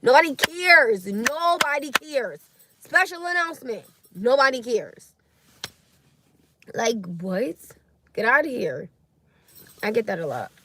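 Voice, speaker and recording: A woman's voice: fairly high pitch, pushed and bright, slight background noise. Blunt young woman on a livestream. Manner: blunt, opinionated, reacting to viewer comments. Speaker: livestream host. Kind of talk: casual livestream chat. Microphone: phone or webcam livestream.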